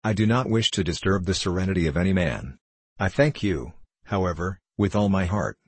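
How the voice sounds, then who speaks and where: A crafty old professor, read by a man, barely hiding his glee beneath courteous talk. The voice sits low and a little husky, recorded close and dry. It is a storybook reading with restrained, polite phrasing. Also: a little fast, no room sound. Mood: feigned calm. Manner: excited, hiding his delight. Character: eager scheming elderly male professor.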